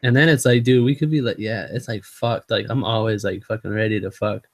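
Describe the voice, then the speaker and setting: A man's voice: on the low side, steady tone, fairly quick. Man host, casual hangout talk: profane, rambling, trips over words now and then. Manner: profane, rambling, full of fillers; sometimes stumbles over words. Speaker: motovlog host.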